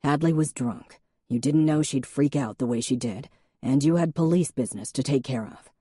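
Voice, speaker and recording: A woman voicing a deadpan, patient male police chief with a wry edge. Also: rumbling low, moderate pace, breathy edge, no echo, studio quality. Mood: steady, reassuring.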